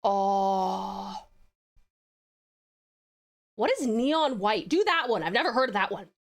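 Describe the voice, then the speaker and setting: A woman's voice: medium pitch, animated, slow, gravelly. A young Australian woman streaming live, chatting with viewers in a bubbly, giggly way while she snacks. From Tasmania, Australia. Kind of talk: casual live stream chat.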